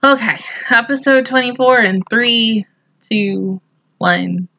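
A woman's voice: fairly high pitch, takes it slowly, sharp tone, dull audio. A young woman reacting to an anime, emotional and exclaiming as she talks to the screen. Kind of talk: casual reaction commentary.

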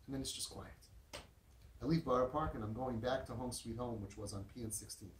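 In this storytelling talk, a parenting speaker with a mid-range voice moves fairly quickly through a heartfelt tale, leaning on emphasis, repetition, and Yiddish and Hebrew words. Faint noise and roomy echo come through a distant microphone.

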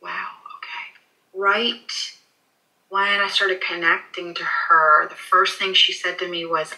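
Bright-voiced woman, soothing and halting. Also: fairly low pitch, fairly even intonation, rough recording. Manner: soothing, reassuring, halting with many fillers. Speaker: pet psychic. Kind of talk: animal communication session.

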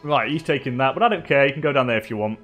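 An English man talks his way through a live strategy game, loose and conversational, breaking into laughs as he answers his viewers. His voice sits at an ordinary middle pitch. A faint bed of music runs behind him. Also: rapid-fire, a bit bright. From England. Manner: chatty, laughs often, talks to chat. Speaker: streamer. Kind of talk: live gameplay commentary.

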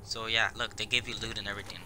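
A young man giving casual, excitable gameplay commentary on his own video, swearing often and jumping between loud outbursts and quiet mumbles. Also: lowish voice, very fast, a crowd in the background. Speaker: gaming video creator. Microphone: camera on face while playing.

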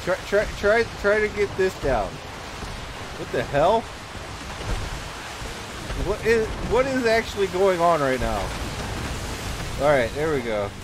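A man chatting casually with friends while playing a game, excitable, stammering and making sound effects. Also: high-pitched, slow pace, long pauses, background noise. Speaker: gaming youtuber. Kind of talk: casual gaming chat with friends.

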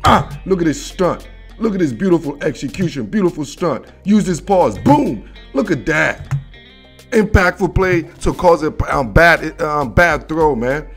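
Excited guy doing a football film breakdown, lots of slang, kinda high voice, soft music behind him. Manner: slangy, hyped, repeats "dog" and "bro". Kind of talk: excited casual film-room commentary. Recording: faint background music.

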